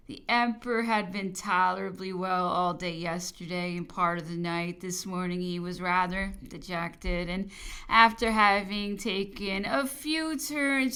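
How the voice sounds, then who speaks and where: A woman narrating a historical memoir as an audiobook, in a measured, formal storytelling manner. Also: lowish voice, bright, forceful tone, clean tone. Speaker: audiobook reader.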